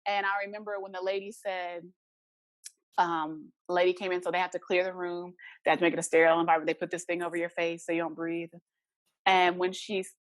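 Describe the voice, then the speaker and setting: Woman guest rattling off her story quick, doing everybody's voices, dry close sound. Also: lowish voice, dry recording. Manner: animated, acts out the voices of people in her story. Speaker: interview guest. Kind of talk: casual storytelling in an interview.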